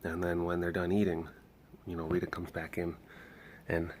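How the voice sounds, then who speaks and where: Low-voiced man rambling casually. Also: completely flat delivery, moderate pace, a little mellow, a little hiss or hum. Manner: rambling, many restarts and fillers. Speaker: animal sanctuary caretaker. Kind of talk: casual vlog talk.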